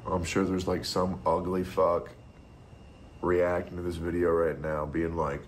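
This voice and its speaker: A man's voice: deep voice, little pitch movement, measured pace, a little hiss or hum. A man ranting bitterly as a streamer, sarcastic and profane. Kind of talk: ranting monologue.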